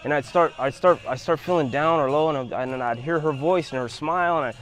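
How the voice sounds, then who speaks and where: A man's voice: medium pitch, fast. A man speaking earnestly and heartfelt about hope and change in prison. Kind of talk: reflective testimony.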